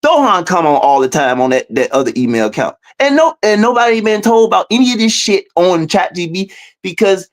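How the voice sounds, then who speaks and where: Talking fairly quickly, this man is a video-call guest sharing his story. He's animated and profane, sinking to low mutters one moment and leaping to high exclaims the next.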